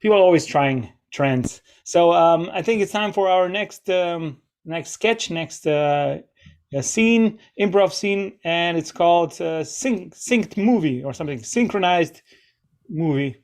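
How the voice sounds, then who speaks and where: A man's voice: high voice, expressive, unhurried. Chatty man riffing on stage. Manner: rambling, chatty, self-interrupting. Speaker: improv comedian and host. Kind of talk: live improv comedy banter. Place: small theater stage.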